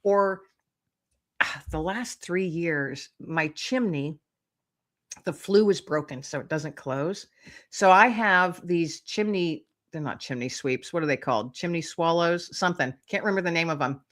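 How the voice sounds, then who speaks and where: A middle-aged woman, a guest author, telling lively anecdotes in casual chat, acting out little voices and laughing often. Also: fairly low pitch, measured pace. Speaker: guest, author and podcast host.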